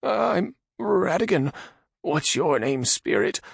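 A quivering, shrill voice for a panicked fat prisoner in a storybook reading. He whines and pleads in a pitch far above a normal speaking voice, swinging all over. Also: big pitch swings, takes it slowly, creaky, husky, no echo, studio quality, heavily acted. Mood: frightened. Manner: whiny and frightened.

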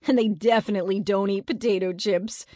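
A woman reading aloud, voicing a loud, mocking boy who teases his friends. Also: mid-range voice, lively intonation, normal speed, no room sound, clean studio sound, close to an everyday voice. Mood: teasing. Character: bossy loud boy, teasing know-it-all.

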